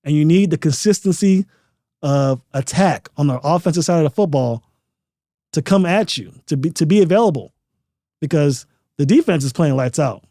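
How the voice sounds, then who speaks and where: A man hosts a sports podcast in an emphatic, casual way, leaning on repeated phrases. His voice sits a little high but sounds mellow. The recording is dry and close. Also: lively intonation, moderate pace, no echo. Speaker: podcast host.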